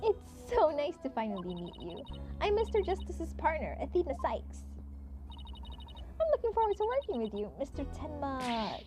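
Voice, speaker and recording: A woman's voice: high voice, very animated, normal speed, music in the background, pitched above the performer's own voice. A woman reading as an earnest young lawyer. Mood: cheerful.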